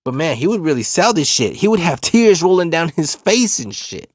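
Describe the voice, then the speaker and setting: A man casually telling a funny, profane story from his past, laid-back and animated, laughing along. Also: a little high, normal speed, dry recording, clean studio sound. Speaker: comedic storyteller.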